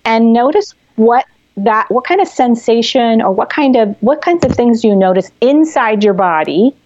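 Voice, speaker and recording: A woman therapist on an interview, explaining calming techniques in a gentle, explanatory way with frequent fillers and restarts. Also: on the high side, moderate pace, muffled recording. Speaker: therapist guest. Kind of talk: conversational teaching.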